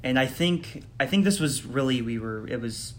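Steady man giving sports takes. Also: mid-range voice, moderate pace, a little hiss or hum. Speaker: podcast co-host. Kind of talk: casual sports podcast chat.

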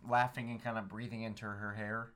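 A man's voice: lowish voice, flat delivery, brisk, a bit bright, clean tone. A man in casual chat, laid-back and wry in his banter.

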